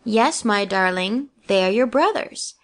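A woman voicing a gentle, loving queen mother speaking tenderly to her small son in a storybook reading. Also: mid-range voice, animated, measured pace, natural voice. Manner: tender, reassuring.

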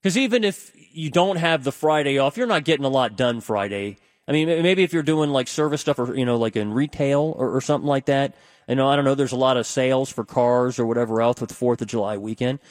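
A man's voice: mid-range voice, brisk, dry recording. A man filling in as a radio talk host, rambling conversationally and tossing questions out to listeners on a call-in show. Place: radio studio.

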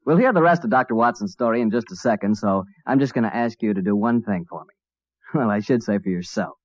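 Vintage male announcer, animated delivery, dry lo-fi sound. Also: fairly low pitch, fairly quick, dry recording, soft background music. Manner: hearty, salesy. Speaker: radio announcer. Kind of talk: old-time radio ad read. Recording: dull dry old radio broadcast.

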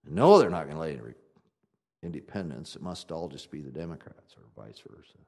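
A man preaching a sermon in a conversational, folksy way, swinging from loud emphatic passages to quiet ones. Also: very deep voice, lively intonation, fairly quick, vocal fry. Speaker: pastor.

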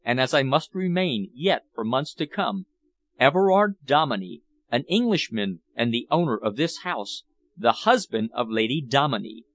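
A man reading a restrained, earnest gentleman in a measured voice. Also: medium pitch, sing-song, no echo. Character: Englishman impostor, restrained and grave.

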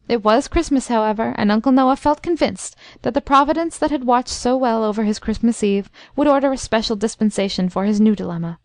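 A woman narrating a classic story in an even, expressive storytelling manner. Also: on the high side, a little fast, hardly any pauses, no room sound, studio quality. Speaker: audiobook narrator.

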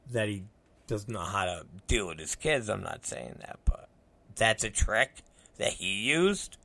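A man's voice: on the low side, bright, forceful tone. A middle-aged man rambling through a casual anecdote, swearing freely and acting out what people said. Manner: rambling, swears a lot, acts out quotes. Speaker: storyteller.

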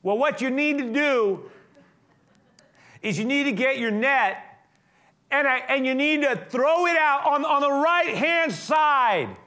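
A preacher doing a man shouting from far off. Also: very high-pitched, animated, slow pace, voice pushed up, exaggerated voice. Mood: calling out. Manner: raised, shouted call. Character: man calling loudly across water from shore.

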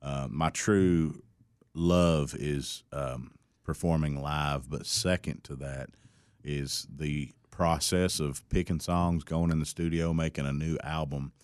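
A young country singer from Tennessee, guesting on a relaxed interview, slowly recounts a story while slipping into other characters' voices and laughing. His very low voice sounds clean, in a close, dry recording.

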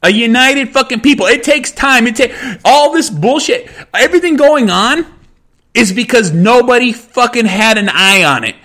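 Fiery, profane man ranting high and bright. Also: expressive, moderate pace. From United States. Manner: heated, repetitive, swearing, restarts mid-sentence. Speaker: podcast host. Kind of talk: angry profane rant.

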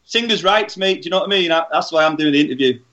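A man's voice: on the high side, very fast, sharp tone, muffled recording. A man from northwest England with a Northern English accent, a cheeky guest singer chatting casually on a radio show. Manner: cheeky, jokey, says "mate" a lot.

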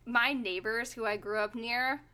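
A woman's voice: a little high, moderate pace, bright, forceful tone. A young woman on a podcast, telling a story in a chatty way, full of "like" and the odd swear word. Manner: chatty, lots of "like" fillers, swearing. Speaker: podcast co-host. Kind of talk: casual chat, storytelling.

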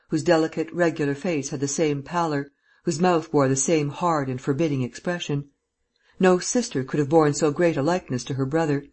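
An audiobook narrator reads classic prose in a steady, measured way, with a husky, breathy tone. The pitch sits in the middle range and the delivery stays even. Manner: steady, measured literary reading. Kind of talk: scripted narration.

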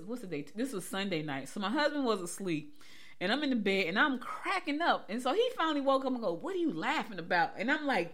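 A woman hosts a morning show in an easy, chatty way. She laughs along with her own stories and speaks straight to her listeners. Her voice sits at an ordinary middle pitch. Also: a bit bright. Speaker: podcast host. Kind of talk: casual morning show talk.

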